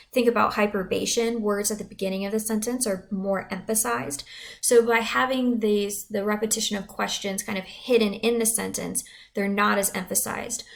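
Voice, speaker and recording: A woman's voice: medium pitch, vocal fry. Casual woman teacher explaining a lesson. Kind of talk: recorded classroom lesson.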